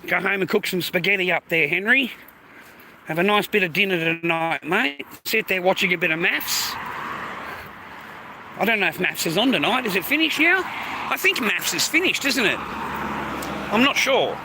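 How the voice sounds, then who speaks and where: A man's voice: high voice, lively intonation, moderate pace, long pauses. A man livestreaming outdoors by the sea, ranting and mocking in a profane, rambling way, calling everyone mate and bro. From United States. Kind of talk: rambling live-stream rant. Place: outdoors near the sea, walking by traffic. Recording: loud street and car noise.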